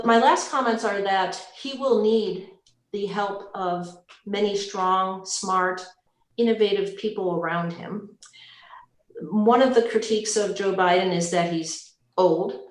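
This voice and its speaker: A woman's voice: mid-range voice, steady tone. Earnest woman panelist in an echoey room. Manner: earnest, measured, with frequent restarts. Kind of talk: recorded panel discussion.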